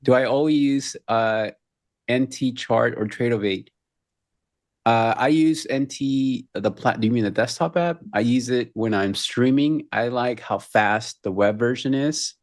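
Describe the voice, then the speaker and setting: A man's voice: mid-range voice, no echo, clean studio sound. A man co-hosting a live trading show, chatting casually and joking about his trades. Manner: quick, joking banter.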